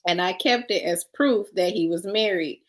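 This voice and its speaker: A woman's voice: medium pitch, normal speed. A woman in her thirties co-hosting a casual chat, blunt and profane, laughing often. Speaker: podcast co-host. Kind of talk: casual chat, reading listener stories.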